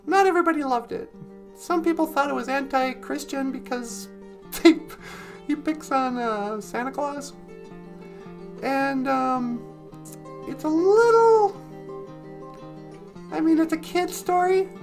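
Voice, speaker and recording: A woman hosting and telling a children's story casually, playful and laughing, correcting herself as she goes. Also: sits high. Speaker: storyteller host.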